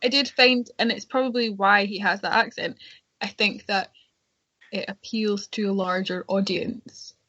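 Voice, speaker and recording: A woman's voice: medium pitch, fairly even intonation, measured pace, sharp tone. Woman chatting about a movie, frank, keeps restarting, muffled podcast audio. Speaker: podcast co-host. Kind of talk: casual film discussion.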